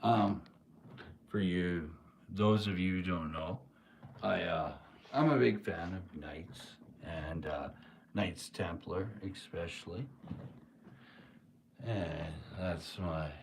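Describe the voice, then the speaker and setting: Low-voiced guy rambling slow on his live stream, super laid back. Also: creaky, a little hiss or hum. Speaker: livestream host. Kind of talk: casual live-stream chat.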